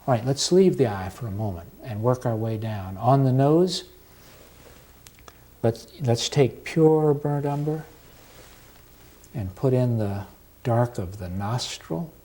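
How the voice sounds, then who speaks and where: A male instructor talks through an oil painting demonstration at a slow, unhurried pace. His voice sits at an ordinary middle pitch, calm and steady. He pauses often as he works.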